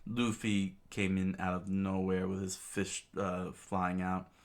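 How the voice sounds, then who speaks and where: Deep-voiced man reading slowly, stumbling. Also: little pitch movement. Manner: hesitant, with many fillers and self-corrections. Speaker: reader. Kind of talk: casual comic read-aloud.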